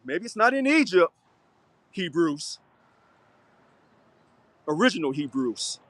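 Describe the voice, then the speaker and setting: A man's voice: fairly high pitch, sing-song, takes it slowly, a bit bright, no room sound. A man who is a union local president, giving a preachy, fiery, repetitive unscripted video monologue.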